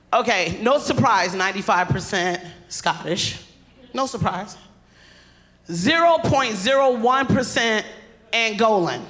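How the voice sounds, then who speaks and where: A woman comedian doing a stand-up set on stage into a handheld mic, animated and laughing through her punchlines. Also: a little high.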